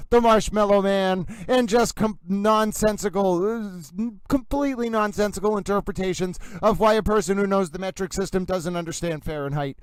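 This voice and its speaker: Guy hosting a live stream, high smooth voice, over-the-top grand delivery, dry close mic. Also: no room sound, poor audio. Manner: theatrical, mock-grandiose. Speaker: livestream host.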